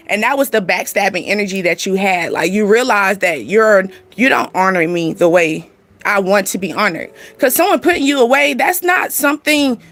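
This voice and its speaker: A woman with a fairly high voice gives a casual spiritual reading to her viewers. She is chatty and animated, laughs often and slips in informal slang like y'all. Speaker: spiritual reader and channel host.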